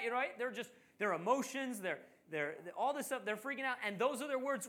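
A male preacher delivers a sermon in an animated storytelling manner. He acts out the voices of the figures in the passage he reads, jumping high for the frantic ones and sinking low for the calm ones. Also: quick pace.

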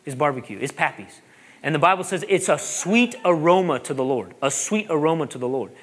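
A man, a pastor preaching a sermon, animated and joking, repeating phrases for emphasis. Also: a little high, fairly quick.

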